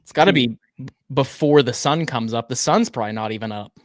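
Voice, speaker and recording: A man's voice: medium pitch, brisk, no room sound, studio quality. A man co-hosting a casual live stream, chatty and greeting viewers by name, sometimes tripping over his words. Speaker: livestream co-host.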